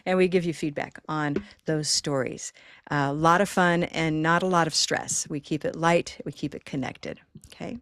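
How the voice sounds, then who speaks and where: A woman's voice: deep voice, steady tone, moderate pace, fairly bright tone, no room sound, clean studio sound. A woman hosting a live online pronunciation class, talking in an upbeat, encouraging and chatty way through a computer microphone.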